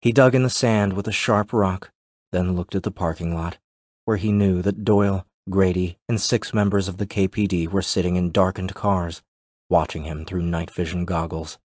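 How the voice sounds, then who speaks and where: A man narrating a thriller audiobook in a steady, measured way. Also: deep voice, dry recording, clean studio sound.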